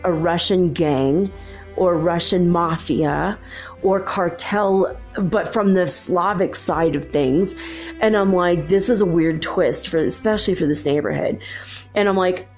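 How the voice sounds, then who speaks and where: A middle-aged woman tells a personal spiritual story in a casual, animated way, laughing often and acting out her own panic. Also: mid-range voice. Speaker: spiritual podcast host.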